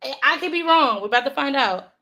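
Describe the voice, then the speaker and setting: A woman learning a language, thinking aloud and slowly repeating words to practice them. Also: sits high, animated, pushed and bright. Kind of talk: thinking aloud while studying.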